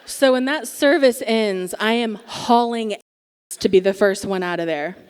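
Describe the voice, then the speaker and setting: A young woman telling a comic personal story on stage before a live audience, wry and self-mocking with dramatic pauses. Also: mid-range voice, smooth. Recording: long theatre reverb.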